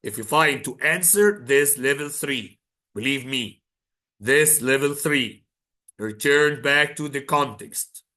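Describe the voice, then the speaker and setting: Bright-voiced man teaching exam prep. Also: medium pitch, slow. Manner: mixes Arabic phrases into English, emphatic repetition.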